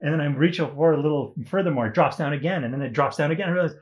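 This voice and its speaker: A man's voice: a little high, racing, few pauses. A young man telling a wild story in a casual chat as a podcast guest, swearing freely and laughing often.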